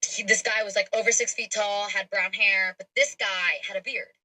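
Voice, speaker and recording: Young woman, casual storyteller, chatty with lots of fillers, sharp bright voice. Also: mid-range voice, moderate pace, rough recording. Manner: chatty, animated, frequent fillers. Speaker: storyteller in a played clip.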